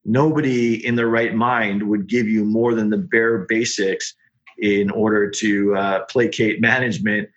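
A middle-aged man, a startup founder, telling his story in a casual podcast interview with quick, animated delivery. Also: fairly low pitch. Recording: dull lo-fi sound.

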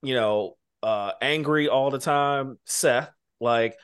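A man's voice: medium pitch, takes it slowly, few pauses, smooth. Man recapping events with "right?" asides. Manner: storytelling, with many "you know" and "right?" asides. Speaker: podcast co-host. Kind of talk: casual podcast chat.

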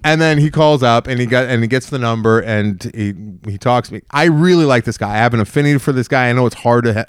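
A man's voice: medium pitch, quick pace, clean tone, no room sound. Man, podcast host, casual storytelling, rambling, frequent restarts, dry close sound. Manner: rambling, animated retelling with many restarts.

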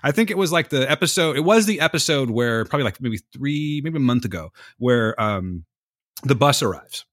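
A man's voice: medium pitch, animated, a little fast, a bit bright, dry recording. Wry man in dry-sounding casual chat. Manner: wry, mocking impressions. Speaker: podcast co-host.

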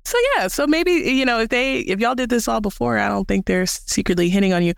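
Laughing, expressive podcast co-host. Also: mid-range voice, a little fast, gravelly, smooth, no room sound, studio quality. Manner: laughs often, loose and expressive. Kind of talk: casual chat.

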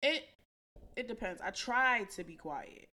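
A woman's voice: a little high, animated, unhurried, sharp tone. A woman co-hosting a podcast, laid-back and giggly in casual chat. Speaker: podcast co-host.

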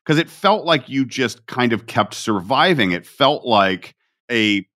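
A man's voice: medium pitch, lively intonation, measured pace, pushed and bright, no room sound, clean studio sound. A man hosting a casual interview podcast, asking rambling, enthusiastic questions. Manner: rambling, enthusiastic, trails into laughter. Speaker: podcast host.

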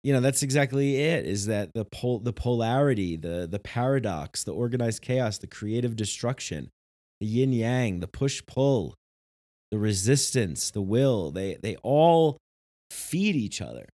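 A man's voice: medium pitch, expressive, unhurried, warm tone, no room sound, clean studio sound. Passionate rambling man. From New York. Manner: passionate, rambling, many restarts. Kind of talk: casual spiritual monologue.

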